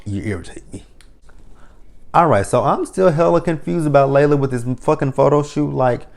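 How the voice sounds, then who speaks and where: A man's voice: a little high, fairly quick, creaky, a little mellow. A man giving a casual, sarcastic and profane recap of a TV episode, talking straight to his viewers. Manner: sarcastic, profane running commentary. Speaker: TV episode reviewer.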